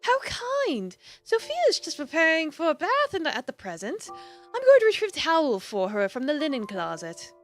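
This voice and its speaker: A woman's voice: high voice, huge pitch swings, moderate pace, soft background music, voice pushed up. A woman voicing a rich, fancy young lady of a mansion with a put-on posh British accent. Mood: startled. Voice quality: posh, formal.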